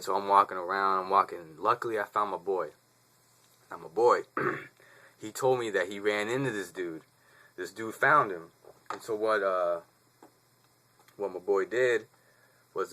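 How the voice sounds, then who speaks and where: A man's voice: fairly low pitch, bright, forceful tone. A man in his twenties casually telling a story to the camera, rambling, profane and slangy. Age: 20s. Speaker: vlogger.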